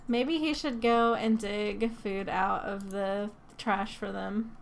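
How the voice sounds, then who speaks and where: A woman's voice: medium pitch, steady tone, slow, gravelly, slight background noise. A woman hosting her gaming channel, giving casual let's-play commentary, chatty and prone to laughing as she coaxes her game characters along.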